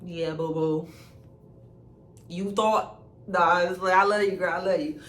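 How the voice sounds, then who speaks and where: A woman's voice: on the low side, moderate pace. Laughing young woman telling a story. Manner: animated, laughing, addresses viewers as y'all. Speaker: vlogger. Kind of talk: casual storytime. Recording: echoey room with faint ambient noise.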